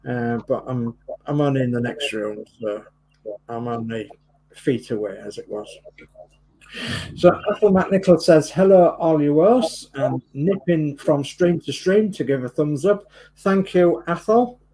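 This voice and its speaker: Slow-talking man reading stream chat. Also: fairly high pitch, dark tone, slight background noise, low-quality recording. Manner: friendly, reads viewer names and greetings. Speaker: livestream co-host.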